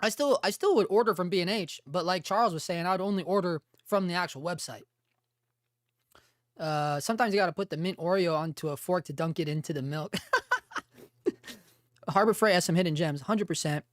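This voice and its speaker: A man hosting a live stream, chatting casually and reading viewer comments in a rambling, profane way, his voice hoarse and giving out. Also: sits high, normal speed, long pauses, no room sound, clean studio sound.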